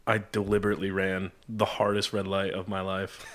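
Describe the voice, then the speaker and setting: A man's voice: low-pitched, monotone, a little fast, crowd noise. A young man in casual chat, telling a laid-back story, swearing and acting out quotes of others.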